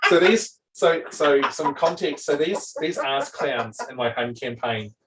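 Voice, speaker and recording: A man chatting casually as a dungeon master, rambling and animated, with frequent restarts and swearing. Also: on the high side, measured pace, recorded from a distance, a little hiss or hum, poor audio. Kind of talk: casual chat.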